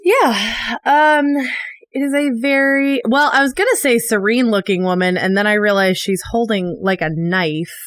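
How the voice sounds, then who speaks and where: A woman's voice: on the high side, normal speed, fairly bright tone, no room sound, studio quality. A woman chatting and laughing at a tabletop game, thinking aloud as she describes a card. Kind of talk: casual chat at the game table.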